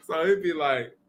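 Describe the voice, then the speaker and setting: A man's voice: a little high, sharp tone. A man hosting a casual live book chat, talking loosely with many fillers and asides and laughing often between thoughts.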